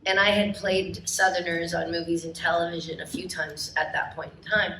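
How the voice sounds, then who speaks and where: A woman from Canada, an actress, telling an interview anecdote in an animated, laughing way. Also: lowish voice, moderate pace. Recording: echoey room with faint noise.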